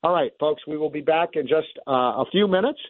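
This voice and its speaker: Talk radio economist host, male, emphatic and lively, slightly higher pitch, dry narrow-band audio. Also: brisk, dry recording. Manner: animated, emphatic, coughs now and then.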